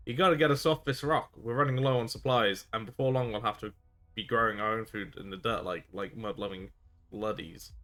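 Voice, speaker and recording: A man reads game dialogue in character as a shifty, boastful space pirate marooned on a planet, talking in a gruff, wheedling, folksy way. His lowish, fairly bright voice moves fairly quickly, lightly acted, and he sounds desperate.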